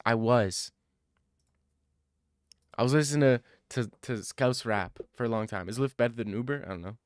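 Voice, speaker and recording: A man's voice: mid-range voice, moderate pace, pauses often, no room sound, studio quality. A young adult man streaming live, chatting casually and answering his viewers' questions in a laid-back, rambling way. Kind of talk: casual chat reading live chat.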